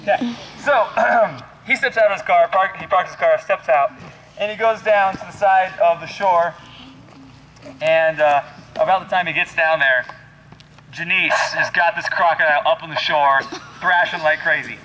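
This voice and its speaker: A man telling a long joke in an animated, chuckling way, often restarting his sentences. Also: on the high side, normal speed, low-quality recording. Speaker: joke teller. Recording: loud background noise.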